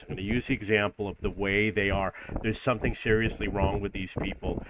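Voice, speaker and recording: A man's voice: on the low side, fairly bright tone, slight background noise, rough recording. A man from New York ranting in an audio-only vlog, exasperated and repetitive. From New York, USA. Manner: exasperated, repeats himself, mimics others in lists. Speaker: vlogger. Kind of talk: audio-only complaining rant.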